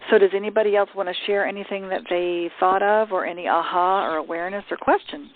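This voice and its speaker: A man leading a group call, reading out affirmations in a slow, deliberate way and inviting people to share. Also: sits high. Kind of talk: guided affirmations and coaching. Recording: tinny phone line.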